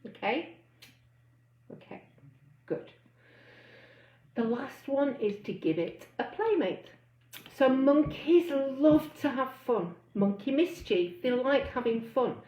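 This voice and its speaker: A woman's voice: sits high, animated, slow, long pauses, warm tone. A woman weight-loss coach giving a chatty live online talk, reading out comments and acting out inner voices. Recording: roomy, slightly dull sound.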